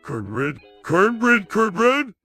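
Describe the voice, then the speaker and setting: A synthetic male voice imitating a dim-witted cartoon starfish that talks slowly and repeats himself. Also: mid-range voice, very animated, pushed and bright, soft background music, heavily acted. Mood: chanting. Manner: slow, repetitive chanting.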